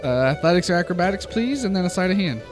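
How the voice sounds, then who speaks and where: Casual male game master with a slightly high voice, chuckling through his narration, music underneath. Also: very fast. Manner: casual, laughing often, relaxed narration. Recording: background music.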